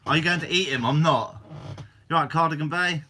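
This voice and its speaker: A young man hosts a casual live stream, reading out viewer questions and answering them in an easygoing, chatty way. His voice is bright and forward, sitting a little high for a man. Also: a little fast, faint music behind. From Guernsey, Channel Islands. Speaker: fishing channel host.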